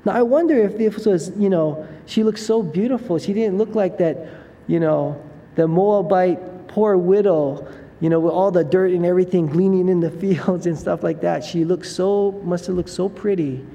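A man's voice: high-pitched, moderate pace, warm tone, long reverb tail, highs cut off. A man preaching a sermon in a loose, conversational way, full of "you know" asides and restarts.

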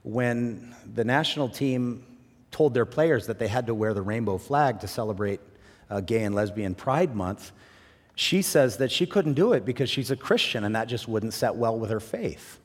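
A man pastor preaching a sermon with passion, swinging from loud, rising bursts to quiet, low drops. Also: lively intonation, normal speed. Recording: long reverb in a large hall.

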